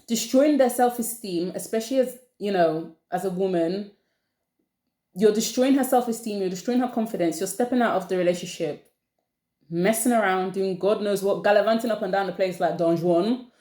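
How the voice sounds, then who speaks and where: A young woman, hosting a casual opinion chat and ranting in an exasperated, animated way. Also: mid-range voice, normal speed. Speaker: channel host. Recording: echoey room.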